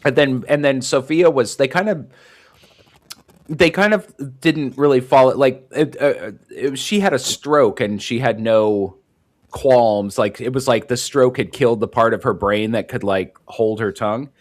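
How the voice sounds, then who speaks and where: A man's voice: mid-range voice, measured pace. A man co-hosting a podcast, chatting casually with lots of fillers and frequent laughs. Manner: rambling, filler-heavy, laughs often. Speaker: podcast co-host. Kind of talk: casual chat.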